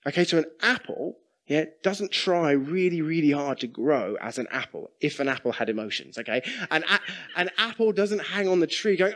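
A middle-aged man preaches a sermon in a fairly high voice. He talks in a chatty way and keeps asking his congregation questions. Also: sing-song, moderate pace, a bit bright. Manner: conversational, asks the congregation questions.

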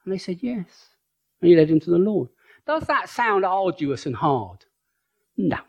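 A man's voice: sits high, sing-song, normal speed, a little mellow. A man preaching a conversational sermon, often checking in with his listeners and acting out the voices in his stories.

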